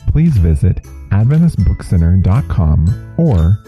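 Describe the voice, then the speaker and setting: A man reading a formal closing announcement for a podcast in a measured way. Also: deep voice, very animated, mellow, faint music behind.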